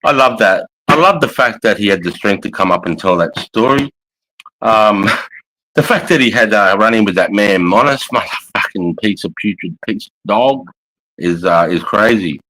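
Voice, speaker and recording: A laid-back Australian man with a lowish voice hosts a casual livestream from his couch. He talks in a loose, sweary way, calling everyone mate. He sounds middle-aged. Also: lively intonation, moderate pace, pushed and bright, rough recording. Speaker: livestream host. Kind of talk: casual live chat. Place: at home on a couch.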